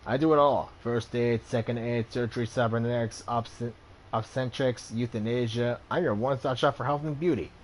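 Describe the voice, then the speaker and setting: A loud, joking, hungover middle-aged cyber doctor, as a let's-play host puts him on in a video game. He talks brash and cheerful, with a voice set a little above the reader's own and with faint music playing behind. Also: mid-range voice, steady tone, moderate pace, slight background noise, natural voice. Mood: boisterous.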